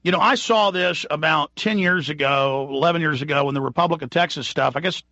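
A man's voice: on the high side, brisk, pushed and bright, no echo, lo-fi sound. A man hosting a talk radio show, speaking in an emphatic, indignant rant. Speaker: radio host.

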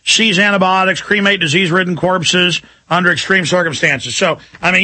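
A man's voice: sits high, moderate pace, pushed and bright, dry recording. A man hosting a talk radio show in an urgent, combative, ranting monologue. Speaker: radio host.

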